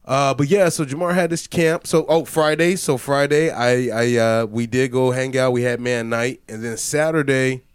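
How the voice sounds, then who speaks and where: A man's voice: mid-range voice, fairly even intonation, normal speed, few pauses, clean tone, dry recording, clean studio sound. A man co-hosting a podcast in casual chat, telling rambling stories and cutting himself off mid-sentence. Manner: rambling, self-interrupting storyteller. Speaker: podcast co-host.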